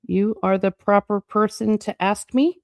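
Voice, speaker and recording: A woman reading a polite, awkward gentleman guest. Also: medium pitch, fairly even intonation, a little slow, no echo, natural voice. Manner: politely making conversation. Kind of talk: reading dialogue aloud.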